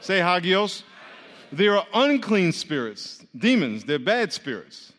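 A man's voice: high-pitched, big pitch swings, takes it slowly, fairly bright tone. A man teaching an interactive sermon with call-and-response, playful and quizzing his listeners. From grew up Catholic. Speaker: preacher teaching a class. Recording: long hall reverb.

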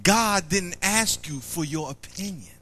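Man, preacher, sermon, high bright voice, animated, quizzes the crowd. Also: a little slow, slightly rough. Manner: animated, acts out little scenes and quotes; repeats lines, quizzes the audience.

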